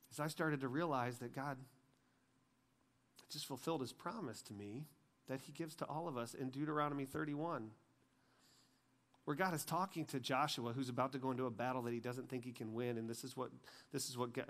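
A man's voice: mid-range voice, fairly even intonation, fairly quick. A man sharing an emotional personal testimony in a sermon, speaking earnestly with many fillers and restarts.

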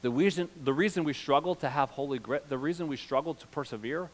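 A middle-aged male pastor preaching a sermon, swinging from loud, emphatic peaks to low, confiding asides. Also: fast.

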